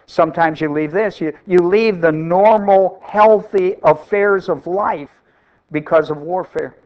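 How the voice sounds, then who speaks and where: A man with a high voice preaches, pressing each point and saying key lines twice. The recording sounds a little dull and lo-fi. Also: unhurried. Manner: emphatic, repeats phrases for stress. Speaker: pastor. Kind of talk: sermon.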